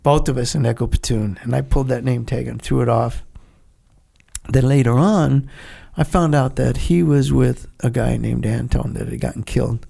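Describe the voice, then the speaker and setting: An older man in his seventies with a gravelly, mellow voice. He tells blunt, salty stories in a relaxed interview setting and briefly slips into the voices of the people he quotes. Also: medium pitch, moderate pace. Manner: blunt, profane storytelling that acts out dialogue. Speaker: guest, Vietnam veteran. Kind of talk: casual storytelling interview.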